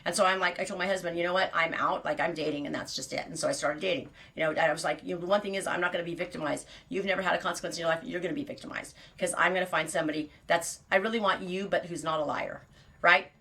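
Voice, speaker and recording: Gravelly fast-talking woman in her fifties. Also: fairly low pitch, fairly even intonation, bright, forceful tone. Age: 50s. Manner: rambling, blunt, full of fillers and restarts; laughs often. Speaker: host. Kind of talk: candid personal storytelling.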